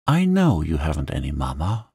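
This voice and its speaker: A man's voice: rumbling low, wildly swooping pitch, moderate pace, a little mellow, husky, no room sound, studio quality, exaggerated voice. A man voicing a plump, helpless woman fretting over a crying child in a storybook reading. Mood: flustered. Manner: flustered and pleading.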